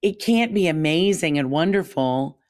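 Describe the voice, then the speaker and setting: A woman co-hosting a podcast, talking in a reflective, animated way that jumps up when she stresses a point. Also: moderate pace. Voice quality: calls her own voice squeaky. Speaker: podcast co-host. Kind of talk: casual chat.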